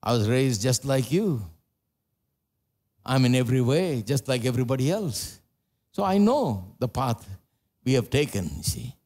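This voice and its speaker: A man from India with an Indian English accent, preaching a live church sermon, climbing to loud emphatic peaks and dropping back to low, chatty asides. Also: sing-song, measured pace, long pauses. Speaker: pastor.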